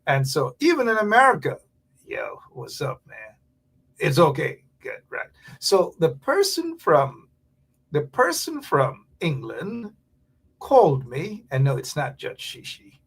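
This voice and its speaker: A man hosting a casual livestream talk show, chatty and animated, sometimes dropping to a whisper for asides. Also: on the high side, a little slow, breathy edge.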